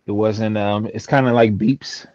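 A man's voice: on the low side, fairly even intonation, measured pace, darkish tone, dry recording. A man in a casual chat, rambling and hesitant with many fillers. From San Francisco. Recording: dull lo-fi sound.

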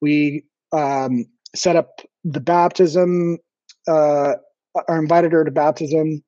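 A man with a slightly raised voice tells stories as a podcast guest, pausing often on ums and restarting his sentences. The recording sounds dull and lo-fi, with a dry, close sound and no room echo. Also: fairly high pitch, fairly even intonation, mellow. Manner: halting, frequent ums and restarts. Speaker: podcast guest, former missionary. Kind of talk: casual interview storytelling.

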